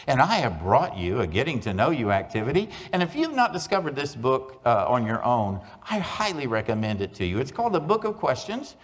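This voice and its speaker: A man gives a humorous keynote at a conference, spinning small-town jokes with deadpan timing. His voice sits in a middle register. A long hall reverb trails every line from the stage mic. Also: mid-range voice. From Oklahoma. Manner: folksy joke-telling with deadpan punchlines. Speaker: conference speaker.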